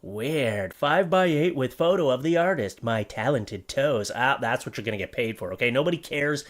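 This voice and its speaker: A man's voice: mid-range voice, animated, fairly quick. A young man hosting a comedy commentary, reading odd online listings aloud from his computer desk and joking about them in a sarcastic, rambling way. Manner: sarcastic, puts on silly mock voices. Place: home setup at a computer desk.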